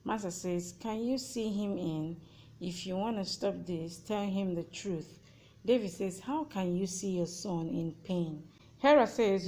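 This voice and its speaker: A woman narrating a TV plot recap, reading out every character's lines in an even, matter-of-fact way. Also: mid-range voice, poor audio.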